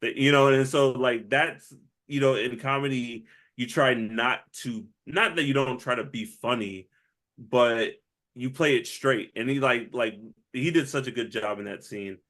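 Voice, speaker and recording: A man's voice: mid-range voice, measured pace. A man co-hosting a movie podcast, chatting casually and acting out quotes with frequent laughter. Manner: animated, laughs often, acts out movie quotes. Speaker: podcast co-host. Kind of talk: casual movie review chat.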